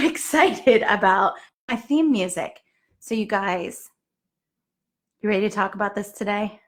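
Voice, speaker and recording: A woman hosting a live stream, bubbly and excitable, chatting with her viewers. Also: mid-range voice. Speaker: fitness business show host. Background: faint music.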